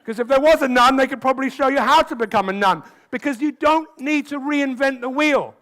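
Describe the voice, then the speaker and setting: A lively man with a high-pitched voice delivers a motivational talk live at a conference. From the stage, he fires quick question after question at the audience.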